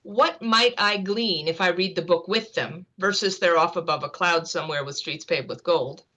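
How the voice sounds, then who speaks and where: Animated woman telling a personal story. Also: lowish voice, normal speed. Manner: vivid, animated anecdote-telling with light laughter. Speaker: guest author. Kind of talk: conversational storytelling.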